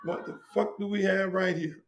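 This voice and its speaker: A man's voice: high voice, steady tone, moderate pace, reverberant. A middle-aged man from Miami hosting his own show, telling stories in a brash, profane, repetitive way. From Miami, USA. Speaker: host. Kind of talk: casual storytelling monologue.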